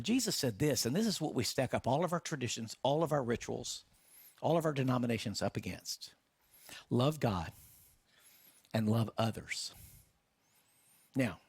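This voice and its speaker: A man's voice: mid-range voice, breathy edge, no echo. A middle-aged man preaching a sermon as pastor, passionate and full of rhetorical questions. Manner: impassioned, rhetorical questions, voices doubts.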